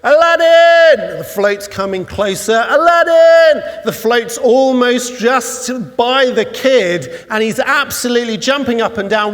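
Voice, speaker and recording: High-voiced male preacher in an echoing hall. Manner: animated storytelling, rising to excited peaks. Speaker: pastor. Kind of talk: sermon. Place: church.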